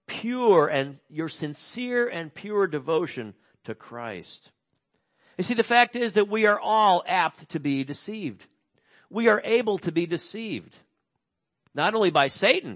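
Middle-aged man, pastor, sermon and Bible reading, earnest, slightly high voice, trails soft at phrase ends. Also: animated. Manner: earnest, slows and drops soft on key words.

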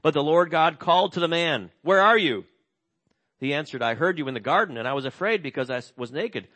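A middle-aged male pastor preaching a sermon and reading scripture, earnest, slowing and dropping soft on key words. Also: medium pitch.

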